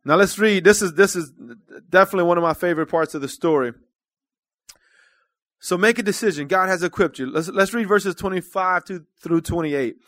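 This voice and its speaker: A man preaching a sermon to his congregation. His delivery is earnest and conversational, and it swells into loud calls to the room. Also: sits high, fairly quick, no echo. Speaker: church minister.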